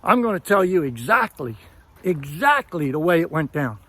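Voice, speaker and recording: Older New man, higher-pitched voice, blunt and profane vlog rant. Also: very animated, normal speed, sharp tone, no room sound. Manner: blunt, profane, retells with quoted dialogue. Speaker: vlogger. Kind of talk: angry rant to camera.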